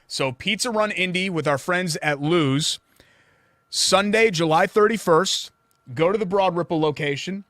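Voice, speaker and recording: A man's voice: high voice, measured pace, no room sound. Chatty man, studio host. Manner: chatty, animated, jokingly indignant. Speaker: sports show co-host. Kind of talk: casual sports talk with a sponsor read. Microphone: studio desk mic.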